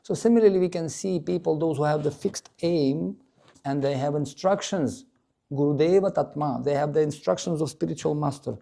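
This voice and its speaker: Gravelly-voiced man giving a devotional lecture. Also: a little high, normal speed. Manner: animated, acts out the dialogue of the story; chants Sanskrit verses. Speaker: preacher.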